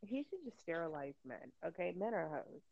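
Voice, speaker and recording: A woman's voice: on the low side, very animated, a little fast, vocal fry, muffled recording, slight background noise. A woman in casual conversation, blunt and joking, who swears. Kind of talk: casual chat.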